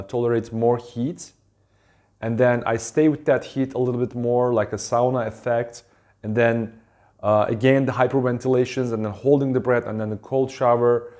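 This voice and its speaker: Calm halting man teaching breathwork. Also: mid-range voice. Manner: calm, halting, with many ums and restarts. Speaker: wellness teacher. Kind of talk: casual instructional talk.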